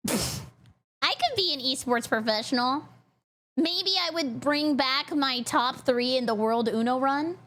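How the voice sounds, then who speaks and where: A woman's voice: sits high, a little slow, fairly bright tone. A woman streamer giving casual, joking reaction commentary with frequent giggles and asides to chat.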